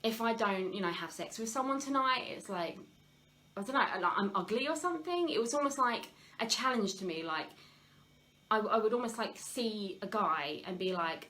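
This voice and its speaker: A woman's voice: medium pitch, expressive, normal speed, bright, forceful tone, low-quality recording. Woman, live-stream host, confessional, chatty, fillers and restarts. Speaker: health talk host. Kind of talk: live Q&A, personal sharing.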